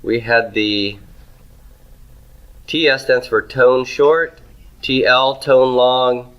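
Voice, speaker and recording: Guy lecturing a class, bright clear tone, keeps quizzing the room then answering himself. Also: mid-range voice, fairly even intonation, drawn-out words, poor audio. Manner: asks questions and answers them himself. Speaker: Hebrew grammar teacher.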